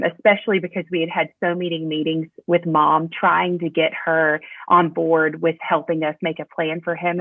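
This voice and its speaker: A woman assistant principal telling a personal story in an interview, animated and full of fillers. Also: on the low side, gravelly, no room sound. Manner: animated storyteller, fillers, voice jumps up when quoting. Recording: tinny phone-line audio, dry.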